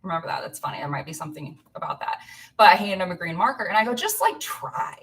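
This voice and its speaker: A woman's voice: on the low side, very fast, a bit bright. A woman in her thirties, from Illinois, filling in as host of a casual live stream, chatting and rambling to viewers with frequent laughs. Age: 30s. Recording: voice a bit far from the mic.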